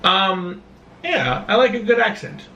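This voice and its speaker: A man in his thirties chatting casually as a vlog co-host, telling stories with animated, mock-indignant emphasis. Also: high-pitched, a little slow, creaky, reverberant, highs cut off, slight background noise. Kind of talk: casual chat.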